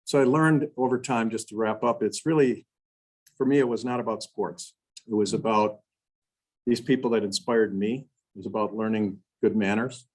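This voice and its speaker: Older man with a husky, low voice. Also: moderate pace, darkish tone, poor audio. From Wisconsin. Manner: folksy, quotes mentors in their own words, many restarts. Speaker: guest speaker. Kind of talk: storytelling talk to a club meeting. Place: meeting room.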